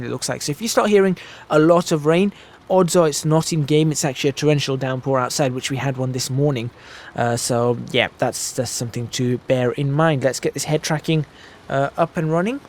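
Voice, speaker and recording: This let's-play creator talks into a desk microphone right by his mouth, rambling and making fun of himself. His voice runs on the high side at a moderate pace, with slight background noise.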